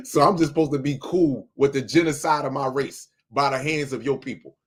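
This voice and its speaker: A man's voice: medium pitch, breathy edge. A man hosting a reaction video, giving heated commentary in an emphatic, sarcastic and preachy way.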